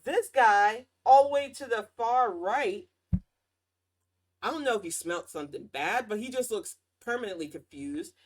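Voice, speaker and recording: A woman hosting her own show, ranting in casual political commentary with a sarcastic, mocking tone and lively swings in pitch and loudness. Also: unhurried. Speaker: podcast host.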